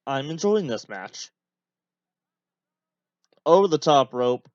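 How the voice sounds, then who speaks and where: A man in his usual mid-range voice gives offhand, relaxed running commentary as a podcast host. The recording sounds muffled and dry, as if the highs were dulled and there is no room echo. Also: takes it slowly. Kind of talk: casual live commentary while watching a match.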